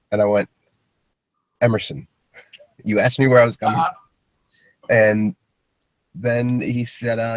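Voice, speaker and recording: Animated man retelling a run-in. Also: lowish voice, unhurried, pauses often, dry recording. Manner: animated, acts out both sides of the exchange, swears. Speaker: caller recounting a police stop. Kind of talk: casual storytelling chat.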